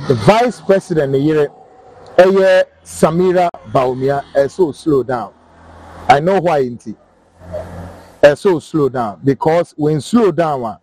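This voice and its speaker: A man's voice: on the high side, darkish tone. A Ghanaian man hosting a political talk show, speaking emphatically and repeating words as he builds his points. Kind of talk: political discussion, mixing English and Twi.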